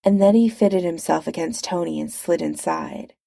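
A woman reads a story aloud in a slow, even manner. Her voice is low, mellow and gravelly. The recording is close and dry. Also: dry recording. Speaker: narrator. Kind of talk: reading fan fiction aloud.

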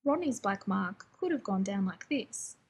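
A woman reading a story aloud in a wry, even way. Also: medium pitch, a little slow, husky, rough recording. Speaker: reader.

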